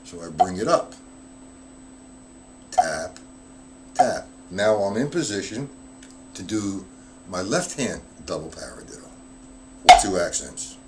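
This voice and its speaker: A man's voice: sits low, very animated, normal speed, a little hiss or hum. A man teaching drum rudiments on a live stream. He explains technique step by step, counts beats aloud, and answers viewers' chat comments.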